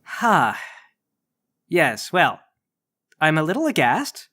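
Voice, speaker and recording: A man's voice: a little high, very animated, moderate pace, fairly bright tone. A man playing his character in a comedic tabletop game, speaking in an overly polite, formal way. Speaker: player.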